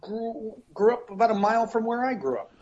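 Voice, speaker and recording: A man co-hosting a podcast from a remote location, teasing in a dry, deadpan way. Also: high voice, fairly quick, muffled recording. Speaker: podcast co-host. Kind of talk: casual chat.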